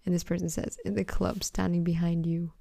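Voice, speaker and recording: A woman's voice: lowish voice, flat delivery, a little fast, gravelly, warm tone, no room sound. A teenage girl hosting a casual solo podcast, reading texts aloud in a giggly, blunt way and swearing freely. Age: teens. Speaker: podcast host.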